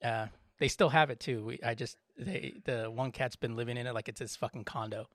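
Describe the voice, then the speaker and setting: A man co-hosting a podcast in casual chat, relaxed, laughing often and swearing freely. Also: medium pitch, brisk, dry recording, clean studio sound. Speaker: podcast co-host.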